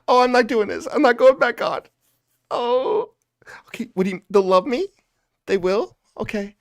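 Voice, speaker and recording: A sobbing, whiny streamer in falsetto. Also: male voice, big pitch swings, fairly quick, gravelly. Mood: weepy. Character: weepy oversensitive young streamer, easily hurt. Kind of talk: mocking parody.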